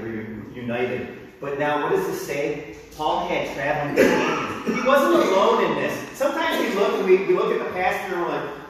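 A middle-aged man preaching a sermon as pastor, animated and bursting into shouts when he acts out crowds and drill sergeants. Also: mid-range voice. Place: church sanctuary. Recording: echoey hall, mic from a distance.

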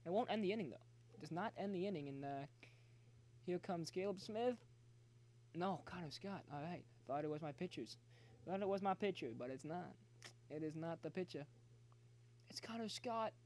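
A man's voice: sits high, normal speed, long pauses. A young man streaming a baseball video game, commenting live, cheering his players and chatting to his viewers. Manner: excitable, talks to chat, cheers players on. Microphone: phone.

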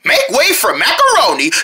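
A woman voicing homemade parody cartoon ads, playfully jumping between character voices and shouted cries. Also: a little high, husky.

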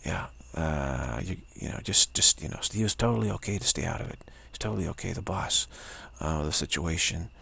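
A man's voice: deep voice, lively intonation, brisk, creaky, few pauses, bright, forceful tone, husky. A man telling a spiritual story in a rambling way, repeating himself and restarting often, with a sore throat. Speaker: spiritual teacher. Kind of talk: casual spoken reflection.

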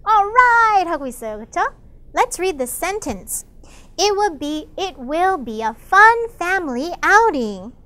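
Excited woman teaching kids a storybook, swoopy voice, gasps a lot. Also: sits high. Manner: enthusiastic, gasps often, explains in Korean. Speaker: English teacher reading a picture book. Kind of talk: bilingual storybook lesson for children.

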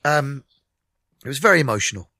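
A man's voice: mid-range voice, a little fast, no room sound, studio quality. A middle-aged man, a musician, telling candid stories in a radio interview and acting out the conversations. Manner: animated, candid storyteller who acts out conversations. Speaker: musician guest.

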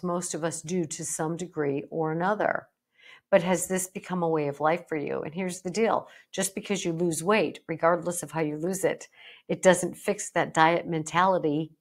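Woman host, psychologist, slightly low voice, emphatic and fired up, breaks into mock quotes. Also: fairly even intonation, moderate pace. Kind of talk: podcast monologue.

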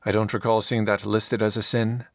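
A man's voice: lowish voice, level tone, moderate pace, a bit bright, no room sound, studio quality. A man voicing a fanatical, self-righteous paladin in an audiobook, proclaiming his faith in a commanding tone. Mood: zealous.

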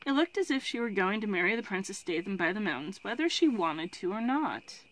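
A woman's voice: mid-range voice, very animated, a little fast, poor audio. A woman reading a fantasy novel aloud and chatting casually between passages. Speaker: book reviewer.

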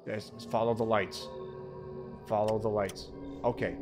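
A man's voice: on the low side, steady tone, normal speed. A young man giving jokey, jumpy commentary while playing a horror game, swearing and talking to himself. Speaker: let's play host. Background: game music.

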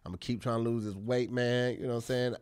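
A man co-hosting a comedy podcast, talking casually and reading an ad, animated and often laughing. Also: quick pace, clean tone. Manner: animated, acts out quotes in high voices, laughs often. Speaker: podcast co-host. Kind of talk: casual comedic chat and host-read ad.

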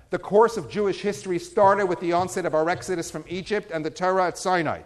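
A man's voice: high voice, fast talker, hardly any pauses, long reverb tail. A man, a rabbi, giving a sermon with jokes and stories that rise to emphatic peaks. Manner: storytelling with humor, rising to emphatic peaks.

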